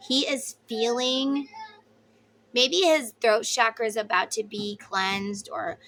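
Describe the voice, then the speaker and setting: Chatty, bright-voiced woman tarot reader. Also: on the high side, fairly even intonation, slow pace. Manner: chatty and emphatic, talks to spirit and viewers; blunt, swears casually. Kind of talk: casual tarot reading to camera.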